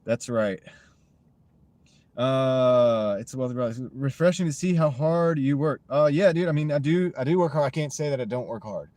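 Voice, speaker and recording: Parked in his car, this livestreaming delivery driver from America chats loosely with his audience, cracking jokes and wandering off-topic while responding to comments. He speaks at a moderate pace with a medium pitch and a darkish tone. The audio, from a wireless clip-on mini mic, has no room sound.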